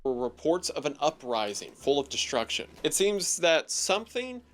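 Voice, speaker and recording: A young man narrating a horror story in a relaxed, conversational video-essay style with light jokes. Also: on the high side, moderate pace. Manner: relaxed, conversational, slightly joking.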